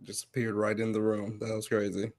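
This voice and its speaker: A man's voice: fairly low pitch, completely flat delivery, a little fast, a little mellow. A man co-hosting a casual TV review chat, easygoing and analytical, laughing often. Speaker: podcast co-host.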